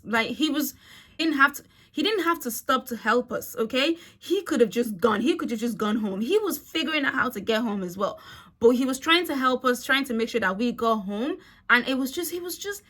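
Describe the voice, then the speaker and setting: A young woman talks straight to camera in a loose, chatty storytelling flow. Her voice sits a little high and has a bright, forward edge. She swears freely and keeps the telling animated. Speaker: vlogger. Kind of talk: casual storytime.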